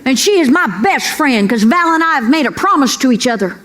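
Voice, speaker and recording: Brassy high-voiced woman comic. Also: animated, brisk, a bit bright. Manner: folksy, brassy, punchy punchlines. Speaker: stand-up comedian. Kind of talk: stand-up comedy routine. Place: comedy club stage before a live audience. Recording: live club audio with crowd laughter and noise.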